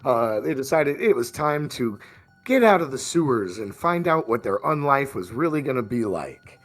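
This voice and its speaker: A man's voice: medium pitch, very animated, moderate pace. A man game master recapping the last session of a tabletop game, rambling with fillers and restarts.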